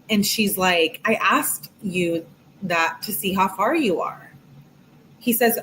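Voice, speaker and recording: Reading text messages aloud, a woman true crime commentator adds sarcastic comments of her own, keeping it casual and building emphasis as she goes. She speaks slowly in a mid-range, fairly bright voice, and the rough recording carries a little hiss or hum.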